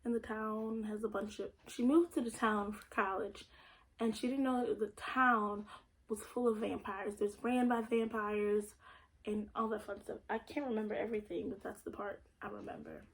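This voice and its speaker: A woman's voice: mid-range voice, flat delivery, moderate pace, rough recording. A young woman vlogger chatting casually and bluntly about her books, with the odd swear word. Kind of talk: casual book haul vlog.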